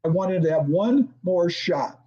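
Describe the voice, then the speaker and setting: A man's voice: high-pitched, measured pace, muffled recording. An older man, a former football coordinator, telling a story as an interview guest and acting out the dialogue. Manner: animated storyteller, acts out quoted dialogue, laughs often.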